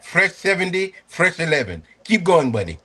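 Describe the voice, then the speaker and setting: A man's voice: a little high, big pitch swings, normal speed, sharp tone, slightly rough, exaggerated voice. Bit role: man voicing a pushy dispatcher, chopped broken phrasing, keeps calling you buddy. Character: pushy male truck dispatcher, broken English.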